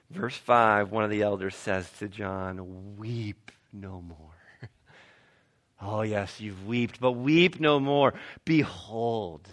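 A man preaching a sermon, animated, swinging between loud declarations and hushed asides, with short laughs and restarts. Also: mid-range voice. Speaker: pastor.

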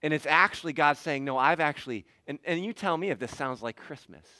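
A male pastor preaching with a bright, forceful, fairly high voice. He swings from loud emphatic peaks down to hushed asides and chuckles often. The sound is dry and close, with no room echo. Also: a little fast. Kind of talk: sermon.

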